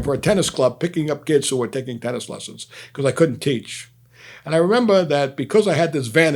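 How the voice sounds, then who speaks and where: An older man tells stories in a blunt, profane, rambling way, often restarting his sentences. His voice is gravelly and sits fairly high for a man. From Brooklyn, New York. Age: 60s. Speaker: host. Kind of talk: casual storytelling.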